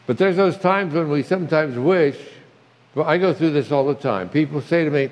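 A man's voice: on the high side, expressive, fairly quick, a little mellow. An older man preaching a conversational sermon as a pastor, reading scripture with feeling. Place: church sanctuary. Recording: long hall reverb.

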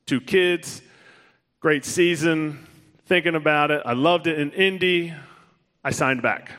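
A man in his thirties, a former ballplayer telling his career story to an audience, animated and self-mocking, acting out both sides of conversations. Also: a little high, takes it slowly, pauses often. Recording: long hall reverb.

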